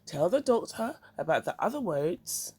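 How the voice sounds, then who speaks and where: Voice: medium pitch, sing-song, normal speed, breathy edge, dry recording. A reader voicing a cheerful, pious wife who talks sweetly and patronizingly about her husband, in a storybook reading. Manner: bright, sweetly chiding.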